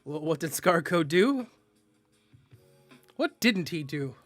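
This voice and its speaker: A male streamer talking loosely to his chat while he plays, teasing viewers and stumbling over words he can't pronounce. His voice sits a touch high for a man. Faint music runs quietly behind him. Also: expressive, takes it slowly. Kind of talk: casual live-stream chat while gaming.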